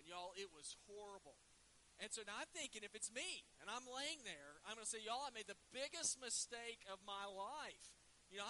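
A man's voice: high-pitched, bright, forceful tone, rough recording. A man preaching a sermon as a pastor, earnest and conversational with folksy asides. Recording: faint hiss.

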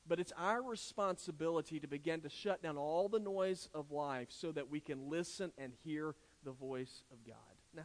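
A middle-aged man, preaching a sermon in an earnest, conversational way with frequent restarts. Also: fairly high pitch. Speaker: pastor.

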